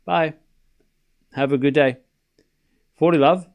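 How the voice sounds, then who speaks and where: A man's voice: on the high side, fairly even intonation, slow, darkish tone. A man streaming a live tennis watchalong, mixing casual play-by-play with teasing replies to his chat. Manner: chatty, teasing, talks straight to his chat.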